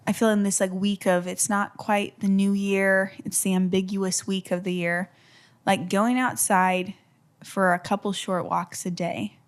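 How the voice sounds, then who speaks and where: A woman in her twenties co-hosting a podcast in casual chat, talkative and quick to laugh, with lots of fillers. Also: mid-range voice, level tone. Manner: chatty, laughs easily, many fillers. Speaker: podcast co-host.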